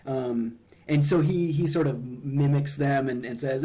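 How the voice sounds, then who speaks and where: A man's voice: medium pitch, unhurried, warm tone. A young man streaming, casually analyzing game humor in a hesitant way, with frequent ums and restarts.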